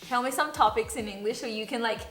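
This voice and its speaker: A woman's voice: on the high side, quick pace, a bit bright. A woman with a Spanish accent, a native Spanish speaker, chatting giggly and casual through a makeup tutorial, swearing freely. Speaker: beauty vlogger. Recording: roomy echo, faint music.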